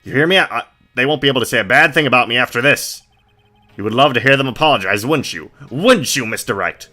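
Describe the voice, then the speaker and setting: Guy doing a smug villain doctor, gloating and theatrical, bright raised voice. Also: medium pitch, animated, fast talker. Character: pompous vengeful male doctor villain.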